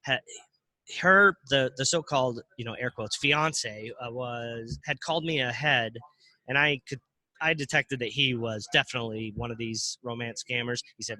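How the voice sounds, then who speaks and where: A man's voice: medium pitch, normal speed, bright, forceful tone, no echo. A man who runs a crypto ATM business, being interviewed in casual talk, often restarting and repeating words as he explains.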